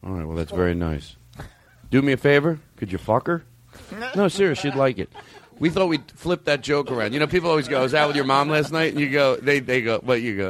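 A man who is a comedian and podcast host, chatting casually and rambling with loose asides and sudden jumps up in pitch. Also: very animated. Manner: loose, rambling, quick swings up in pitch when riled. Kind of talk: casual chat.

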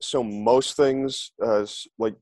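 A man's voice: medium pitch, fairly even intonation, slow pace, darkish tone, no room sound. A man in his forties, a podcast guest chatting casually over a remote call and joking in silly voices. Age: 40s. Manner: rambling, acts out silly voices for jokes. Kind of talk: casual chat.

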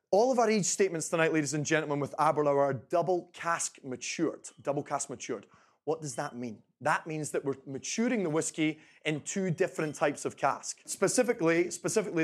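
A Scottish man in his twenties presenting a tasting to a live audience, chatty and repeating phrases for emphasis. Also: a little high. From Scotland. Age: 20s. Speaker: brand ambassador presenting a tasting. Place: event room with a live audience.

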